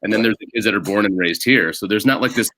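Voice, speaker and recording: Bright, forceful low-voiced man comedian. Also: fast. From United States. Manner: rambling, jokey storytelling with many restarts. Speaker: guest comedian. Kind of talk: casual podcast chat.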